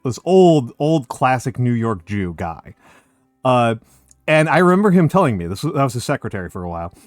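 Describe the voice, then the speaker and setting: A man's voice: mid-range voice, sing-song, brisk, no echo, clean studio sound. An American man on a voice call, rambling and swearing in casual chat, laughing often. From United States. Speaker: streamer.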